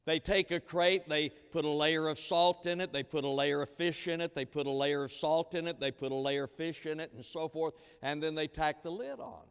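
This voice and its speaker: Emphatic preacher in a reverberant hall. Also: male voice, a little high, moderate pace, hardly any pauses, clear, resonant tone. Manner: emphatic, repeats key phrases, swings between loud and hushed. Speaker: pastor. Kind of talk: sermon.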